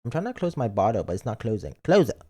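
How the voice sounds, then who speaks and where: A man's voice: on the low side, sing-song, fast talker, mellow, breathy edge. A man streaming and chatting casually in a playful, rambling way, reading chat messages aloud. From lives in Britain, not British.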